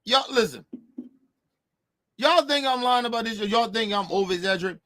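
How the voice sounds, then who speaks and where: A man ranting with brash, mocking energy. His voice sits high and swings widely in pitch. He keeps hammering his points in profane, emphatic bursts. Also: lively intonation, moderate pace, pushed and bright. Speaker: boxing commentator. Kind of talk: heated opinion rant.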